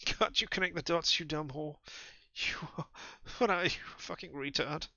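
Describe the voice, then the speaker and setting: A man voicing a vicious cornered man who shouts insults in a raised voice. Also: fairly high pitch, moderate pace, no echo, highs cut off, pitched above the performer's own voice. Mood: furious ranting.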